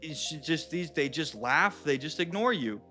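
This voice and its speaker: 30 yr old guy, kinda high voice, coaching his viewers, casual and sweary, says dude a lot. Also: lively intonation, measured pace, sharp tone, faint music behind. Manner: chatty, profane, addresses viewers as guys and dude. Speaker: dating and confidence coach.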